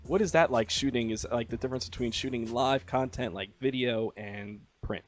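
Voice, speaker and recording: A man's voice: mid-range voice, normal speed, soft background music. Joking male radio host. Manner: joking, teasing, plugging the show. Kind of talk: casual interview.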